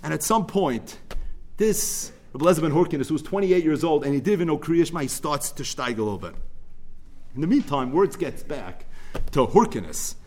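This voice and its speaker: Animated man teaching a Torah class. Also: on the high side, fairly quick. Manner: animated storyteller, swings between loud emphatic bursts and quiet asides; mixes Hebrew and Yiddish terms into English. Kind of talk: Torah class retelling a midrash.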